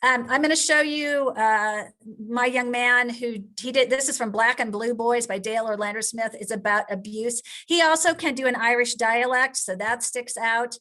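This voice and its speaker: A woman's voice: a little high, normal speed, few pauses, bright, forceful tone. A woman in her sixties, a drama coach giving frank, conversational advice with frequent restarts. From Kansas, USA. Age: 60s.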